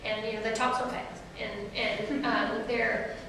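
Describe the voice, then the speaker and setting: A woman's voice: on the high side, measured pace, gravelly. A woman in her forties with a Southern US accent, telling chatty, laughing stories to a live audience. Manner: chatty, animated, laughing, addresses crowd as y'all. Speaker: author speaking to an audience. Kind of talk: storytelling talk to a live audience. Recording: echoey room, distant mic, noisy.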